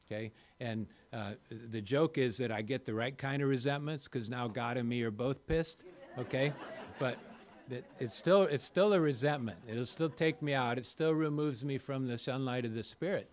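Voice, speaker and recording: A man's voice: mid-range voice, moderate pace. An older man speaking at a recovery meeting, telling folksy, rambling stories with self-deprecating humor. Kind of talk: personal recovery talk to a group.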